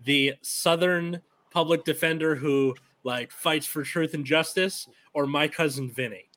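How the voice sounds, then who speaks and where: A man's voice: a little high, a little slow, fairly bright tone. A man co-hosting a casual podcast, throwing in joking questions and asides.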